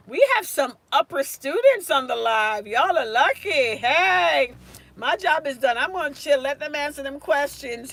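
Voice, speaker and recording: A woman's voice: high voice, lively intonation, normal speed, a bit bright, no room sound. A woman tutoring nursing students on a casual live stream, chatting and answering viewers' comments by name.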